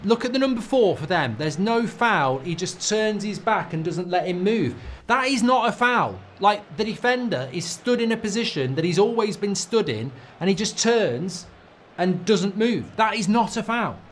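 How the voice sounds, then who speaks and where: A man's voice: high-pitched, animated, normal speed, a bit bright, a little hiss or hum. Ranting man reacting to a match. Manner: ranting, swearing, exasperated. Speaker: football fan channel host. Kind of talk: live match reaction commentary.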